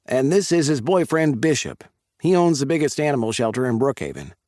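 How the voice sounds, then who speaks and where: A man's voice: mid-range voice, very animated, a little fast, no room sound, clean studio sound, pitched above the performer's own voice, lightly acted. A man doing a kindly, fussing vet. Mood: friendly. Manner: warm, parental lilt.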